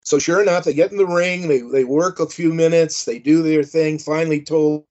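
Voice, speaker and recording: A man's voice: on the high side, steady tone, a little fast, darkish tone. An older man, a former wrestling manager, telling rambling, amused anecdotes with lots of fillers. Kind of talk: anecdotal storytelling. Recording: dull lo-fi audio.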